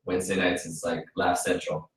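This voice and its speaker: A man's voice: sits low, flat delivery, brisk, heavy reverb, distant mic, background noise. A man hosting a radio show, playful and announcer-like.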